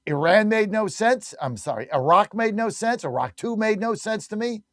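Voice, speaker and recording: High-voiced emphatic talk radio host man. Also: lively intonation, moderate pace, no room sound, clean studio sound. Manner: emphatic, repetitive, combative. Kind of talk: opinionated talk radio monologue.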